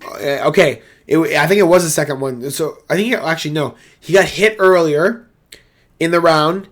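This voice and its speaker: A young man hosting a casual fight breakdown, profane and excitable, swinging from loud outbursts to low muttering. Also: normal speed. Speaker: MMA reaction host.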